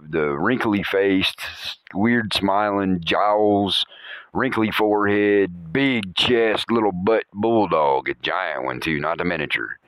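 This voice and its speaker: Lively chuckling man telling stories. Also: lowish voice, no echo. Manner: animated, chuckles often, rambling asides. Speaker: podcast host. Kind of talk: casual anecdotal storytelling.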